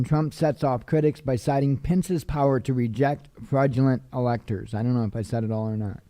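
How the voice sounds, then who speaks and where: Male news-commentary host, weary and casual, warm dark tone, dry close recording. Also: medium pitch, dry recording. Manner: tired, yawning, offhand asides. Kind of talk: reading headlines with casual commentary.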